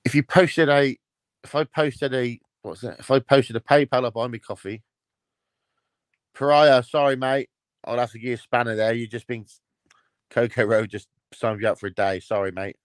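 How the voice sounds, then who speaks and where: A man hosting a casual live-stream chat, bantering roughly and swearing. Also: mid-range voice, steady tone, moderate pace, dry recording. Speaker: streamer host.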